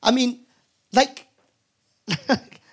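A man's voice: extremely high pitch, extremely slow, slightly rough. A Geordie man in his sixties, a guest telling rambling, sweary anecdotes full of restarts. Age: 60s. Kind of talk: live comedy podcast interview.

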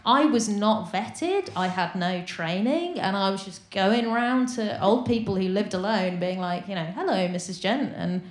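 A woman's voice: medium pitch, lively intonation, unhurried, hardly any pauses, reverberant. A woman, a sketch comedian guest, telling rambling, self-deprecating anecdotes. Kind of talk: anecdotal interview chat.

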